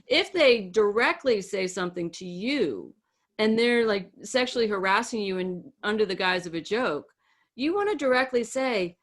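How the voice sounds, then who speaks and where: A woman's voice: on the high side, expressive, unhurried. A woman co-hosts a podcast, talking through advice in a direct, emphatic way. She often slips into the lines she suggests people say, then comes back to her own voice. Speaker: podcast co-host, relationship coach. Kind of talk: casual advice chat.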